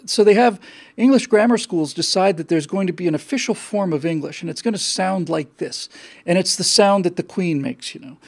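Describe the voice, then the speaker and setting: A middle-aged man with a gravelly, somewhat high voice holds forth in a loose, rambling monologue. He restarts phrases often and doubles up words as he thinks aloud. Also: a little fast. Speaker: show host. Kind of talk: casual monologue.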